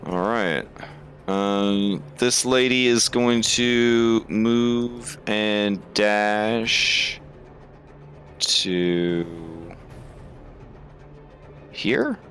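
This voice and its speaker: A man's voice: fairly low pitch, a bit bright. A man running a tabletop game as game master, thinking aloud with lots of fillers.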